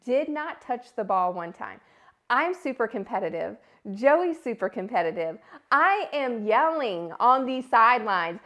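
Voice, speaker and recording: Animated woman telling a story. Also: on the high side, unhurried, muffled recording. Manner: animated, acts out quoted voices. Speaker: podcast host. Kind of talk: casual storytelling monologue.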